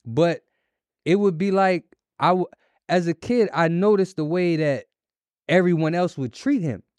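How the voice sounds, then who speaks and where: Brief: man, slightly high voice, chatty storyteller, dry sound. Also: unhurried, a little mellow, no echo. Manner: storytelling, acts out quotes of others. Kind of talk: casual podcast discussion.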